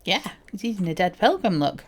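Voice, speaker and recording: Woman, game streamer, chatty, playful, lively pitch, casual commentary. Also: a little fast, husky.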